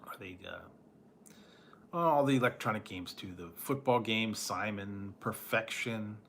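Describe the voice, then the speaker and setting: A man's voice: on the low side, unhurried, a bit bright, slight background noise. A man chatting casually as a food reviewer, rambling, trailing off, and chuckling often between remarks. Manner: nostalgic, trails off and restarts. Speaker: food reviewer reading live chat. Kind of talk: casual chat.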